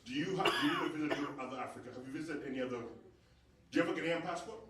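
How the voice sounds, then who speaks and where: A male stand-up comedian talks in an easy storytelling voice and then erupts into shouted punchlines. He sits at a middling pitch, heard from a distance in a very reverberant theatre. A crowd laughs clearly behind him. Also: very fast. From Uganda. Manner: conversational storytelling with sudden yelled punchlines. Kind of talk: live stand-up comedy set. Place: theatre stage with live audience. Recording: echoey theatre, distant mic, audience laughter.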